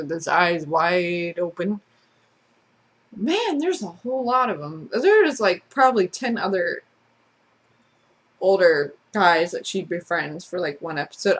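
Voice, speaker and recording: A woman's voice: medium pitch, fairly bright tone. Blunt, swearing woman vlogger ranting. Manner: sarcastic, blunt, swears freely. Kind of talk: casual ranting monologue.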